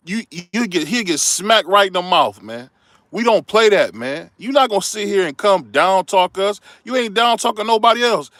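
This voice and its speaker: A man's voice: high-pitched, animated, moderate pace, a bit bright, dry recording, studio quality. A middle-aged man, hosting a heated, preachy opinion rant that turns confrontational. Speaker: commentary show host.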